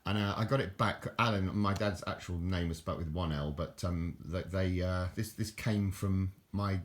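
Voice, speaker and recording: A rambling older man with a southern English accent talks to camera in a low voice, chuckling and wandering from thought to thought. He repeats words and restarts sentences as he goes. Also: moderate pace. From southern England. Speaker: vlogger. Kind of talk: rambling casual chat to camera.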